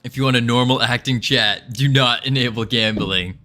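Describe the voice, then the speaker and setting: A man's voice: mid-range voice, moderate pace, sharp tone, faint music behind. A man chatting casually with his stream audience as a game developer, rambling, joking and restarting his sentences. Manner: rambling, joking with chat, stumbling over restarts. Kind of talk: casual livestream chat.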